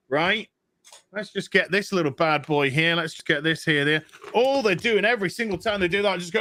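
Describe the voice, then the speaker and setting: Male co-host, high bright voice, heated sweary rant. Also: fairly quick, no echo. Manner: profane and animated, mocking voices of others. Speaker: comic book show co-host. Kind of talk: heated opinion rant on a livestream panel.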